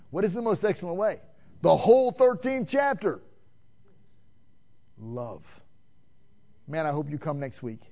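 A man preaching a sermon, asking the congregation questions and swinging between loud emphatic calls and hushed, quiet passages. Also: sits high, big pitch swings, measured pace, long pauses. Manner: direct, addresses listeners with "man" and rhetorical questions. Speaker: pastor. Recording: dull lo-fi sermon recording.

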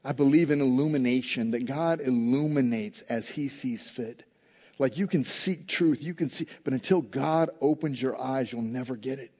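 A male pastor preaching a sermon, telling the story in a lively, humorous way and acting out the people in it. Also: medium pitch, moderate pace. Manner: animated storytelling, acting out quoted lines with humor. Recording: echoey hall, dull lo-fi sound.

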